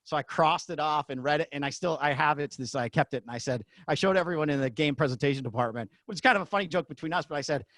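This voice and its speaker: A middle-aged man, a former arena announcer, tells his stories with real excitement. His voice sits a bit high and comes across close and dry, with no room around it. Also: fast, hardly any pauses, no room sound. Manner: excitable, acts out shouted quotes. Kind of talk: animated storytelling in a podcast interview.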